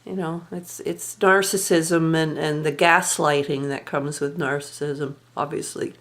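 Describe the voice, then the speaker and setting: A woman's voice: deep voice, steady tone, a little slow, a bit bright. A woman telling a personal story in a candid, rueful and reflective way, sighing now and then. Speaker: vlogger.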